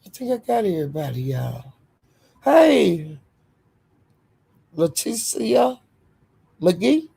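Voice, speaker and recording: A woman's voice: mid-range voice, sing-song, takes it slowly, vocal fry, long pauses, mellow, husky. A woman hosting a casual livestream, greeting viewers by name and speaking bluntly and defiantly. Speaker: livestream host.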